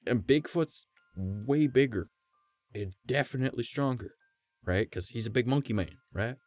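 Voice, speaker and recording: A man streaming live, telling a story in a loose, profane, animated way and keeping the listener with him through repeated "right?" asides. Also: medium pitch, normal speed, no echo, soft background music.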